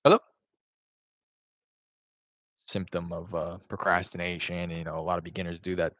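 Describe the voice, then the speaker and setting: This man's voice is low-pitched and fairly bright, with a level tone and quick delivery. At home, he fixes lunch while cold-calling about real estate, chatting easily with plenty of fillers in a mix of livestream talk and phone calls. There's no echo; the audio is dry and a bit dull.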